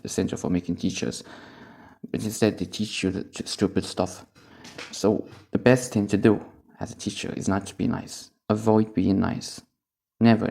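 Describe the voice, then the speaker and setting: An English teacher who learned English after Arabic rambles through a casual monologue, relaxed and stoned, chuckling while his thoughts wander. He speaks in a low, dark voice laced with gravelly fry.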